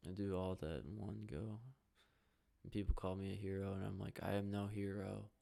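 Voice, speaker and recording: A young man from the hosting a casual solo podcast, rambling with heavy profanity and reacting out loud to a hockey game. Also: sits low, steady tone, normal speed, creaky. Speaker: podcast host.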